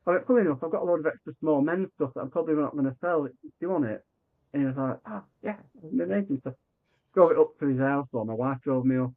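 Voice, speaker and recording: A man's medium-pitched, creaky voice comes through a remote line with a tinny, telephone quality. He's a guest on a podcast spinning a casual story, animatedly voicing the dialogue and often breaking off to begin sentences again.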